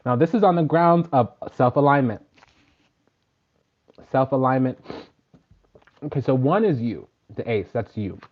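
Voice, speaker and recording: On a dull lo-fi recording, a man who teaches spirituality and reads tarot preaches casually, swearing, stressing his points, and rattling off rhythmic lists. His mid-range voice has lively intonation, a slightly slow pace, and frequent pauses.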